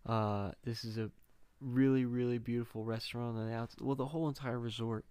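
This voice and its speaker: A man with a smooth, fairly low voice runs through dishes with eager praise as a podcast co-host. His pitch stays level, and the recording is dry and close. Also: fairly even intonation, a little fast, dark tone, no echo. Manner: enthusiastic, listing dishes with emphatic praise. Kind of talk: casual food chat.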